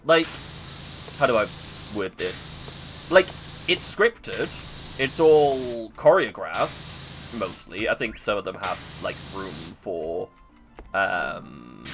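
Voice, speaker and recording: A man's voice: lowish voice, animated, slow pace, long pauses, noisy background. A man streaming a game, chatting casually in a rambling, self-mocking way. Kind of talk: casual chat while gaming.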